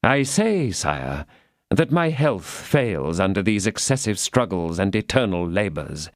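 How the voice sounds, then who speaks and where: A sly, scheming churchman, voiced by a male narrator, low and hushed, weighing every word. The storybook reading is dry and close. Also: very animated, no echo, exaggerated voice. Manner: low, soft, measured, falsely humble. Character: sly, scheming cardinal, an older man.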